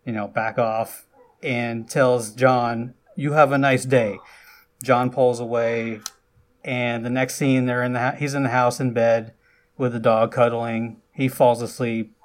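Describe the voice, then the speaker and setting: A man casually retelling a film's plot for a podcast, chatty and loose, with frequent asides and lively bursts. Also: medium pitch. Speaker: podcast host recapping a film. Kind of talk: casual film recap.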